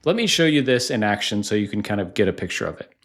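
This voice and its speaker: A man's voice: lowish voice, sing-song, quick pace, a bit bright. A man coaching on sales in a conversational teaching style, acting out sample questions. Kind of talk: instructional talk to camera.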